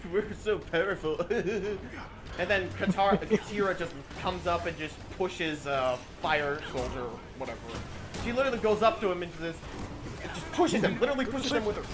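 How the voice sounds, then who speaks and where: High-voiced young man ranting over chat. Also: noisy background. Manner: animated, swearing, mocking retelling with quick put-on quotes. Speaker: channel host. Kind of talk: casual chat while gaming.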